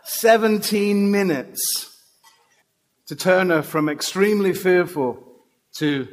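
Brief: man, high voice, animated sermon storyteller who acts out dialogue. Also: takes it slowly. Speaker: preacher.

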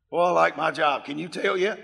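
Man, preacher, fervent, high-pitched voice, crisp bright tone. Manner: fervent, emphatic, bursts into shouting. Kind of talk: sermon storytelling. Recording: long hall reverb.

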